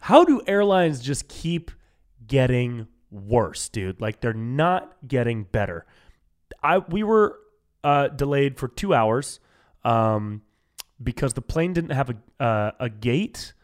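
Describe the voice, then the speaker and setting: Young man, from California, solo comedy podcast host, animated, incredulous, casual riffing. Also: mid-range voice, takes it slowly. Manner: animated, incredulous riffing, says dude a lot.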